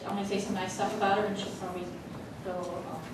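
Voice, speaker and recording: A woman's voice: medium pitch, little pitch movement. Lady board member praising a colleague, lots of ums, far mic, big echo. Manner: halting, warm tribute with many fillers. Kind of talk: tribute speech at a public meeting. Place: school board meeting room. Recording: echoey hall, mic from far off, noisy.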